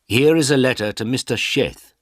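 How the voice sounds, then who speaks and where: A man reading a storybook and voicing a calm, helpful male village school teacher. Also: mid-range voice, moderate pace, dry recording, studio quality, voice pushed up, close to an everyday voice.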